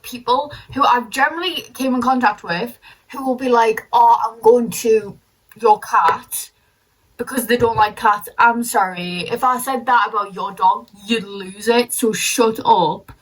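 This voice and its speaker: A woman's voice: a little high, poor audio. Blunt, exasperated young woman ranting. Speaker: vlogger. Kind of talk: get-ready-with-me ranting chat.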